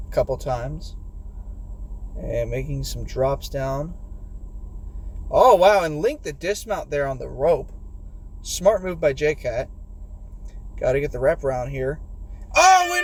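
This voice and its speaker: A man giving casual play-by-play commentary on a game competition, excitable and swearing, yelling when players fall. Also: fairly high pitch.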